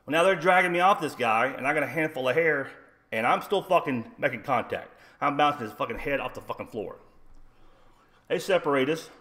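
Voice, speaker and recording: A man's voice: on the high side, expressive, brisk, pushed and bright. A retired man telling a rambling, profane story on his own livestream in a blunt, combative way. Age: older. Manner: blunt, rambling, heavy swearing. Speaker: livestream host.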